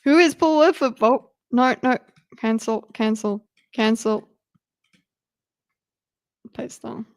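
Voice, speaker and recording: A woman's voice: a little high, slow pace, long pauses, no echo. A woman streaming live commentary on a debate video, chatty and giggly, talking back to the clip.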